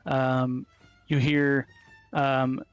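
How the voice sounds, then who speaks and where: A man's voice: medium pitch, level tone, very slow, smooth, no room sound, dull audio, soft background music. Casual man running a tabletop game. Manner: casual, many ums and uhs. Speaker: game master.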